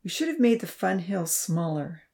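A woman's voice: fairly low pitch, sing-song, moderate pace, gravelly, a little mellow. Woman voicing a tearful young scientist. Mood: distraught. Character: distraught younger male scientist, earnest.

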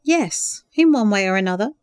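A woman voicing a hopeful, earnest young woman in love, speaking softly and a little higher than her narration. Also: animated, normal speed, smooth, no room sound, clean studio sound, natural voice. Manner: earnest, emotional, sighing.

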